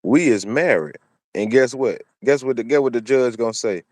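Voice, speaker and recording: A man with a darkish, medium-pitched voice delivers solo commentary at a moderate pace, with no room sound. The commentary channel host is preachy and opinionated, repeating phrases to stress his points.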